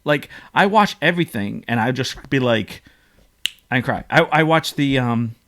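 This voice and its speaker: A man's voice: medium pitch, animated, measured pace, fairly bright tone. A man hosting a podcast, telling stories in an emotional, rambling casual chat. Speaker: podcast host.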